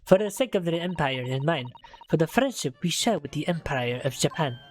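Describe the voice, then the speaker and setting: A man's voice: on the high side, lively intonation, a little fast, faint music behind, close to an everyday voice. A man voicing a prim, haughty young foreign woman student with a lofty put-on accent while playing a courtroom game. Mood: stately.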